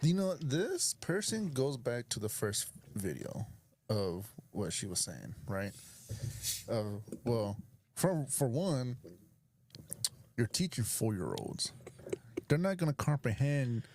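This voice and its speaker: A man's voice: mid-range voice, sing-song, slow, long pauses, darkish tone. A man co-hosting a reaction video, giving blunt, dismissive commentary and repeating his points. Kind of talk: casual opinionated commentary.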